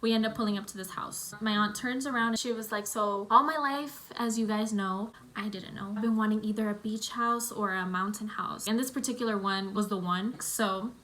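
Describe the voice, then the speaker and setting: A young woman from Costa Rica telling an animated storytime on her own channel, acting out what others said. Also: brisk, few pauses. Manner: animated storyteller who acts out quotes in high shrieks. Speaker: YouTuber. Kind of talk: storytime vlog.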